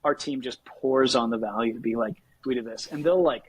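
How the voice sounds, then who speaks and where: A man's voice: mid-range voice, a little fast, husky, muffled recording. A young Canadian man, a sales leader, talking energetically in a casual podcast interview and acting out lines from call scripts. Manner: energetic, laughs often, acts out call scripts. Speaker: sales executive guest.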